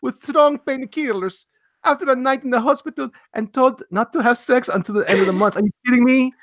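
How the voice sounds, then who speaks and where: Excitable video-game Italian plumber, loud and squeaky, as a podcast host puts him on. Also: male voice, a little fast, no echo. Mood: shouty, incredulous. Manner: high-pitched, shouty and exaggerated.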